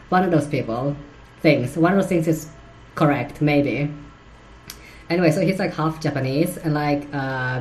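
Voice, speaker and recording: A woman's voice: low voice, a little mellow, a little hiss or hum, poor audio. A woman hosting a solo commentary podcast, crude and giggly, rambling with lots of fillers and restarts. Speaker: podcast host.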